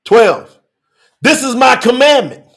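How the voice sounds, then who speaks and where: High-voiced, lively, fervent male preacher. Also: takes it slowly, vocal fry. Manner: emphatic, rousing, rhetorical questions; breaks into shouting. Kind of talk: sermon with scripture reading.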